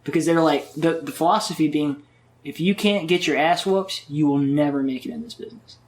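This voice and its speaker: A man's voice: fairly high pitch, fairly quick, echoey room. A man chatting as a podcast guest, telling rambling stories full of swearing. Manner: profane, rambling storyteller. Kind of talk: casual interview chat.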